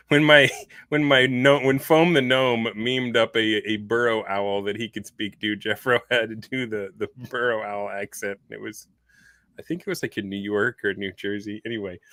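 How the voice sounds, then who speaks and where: A man chatting as a guest about tabletop games, upbeat and quick to laugh. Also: on the low side, sharp tone, dry recording, clean studio sound. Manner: enthusiastic, laughs often.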